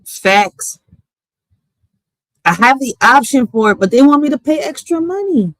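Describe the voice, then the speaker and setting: A woman's voice: sits high, expressive, unhurried, a bit bright. A woman in her thirties, a poet and streamer, chatting casually to her viewers in a loose, profane way and laughing often. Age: 30s.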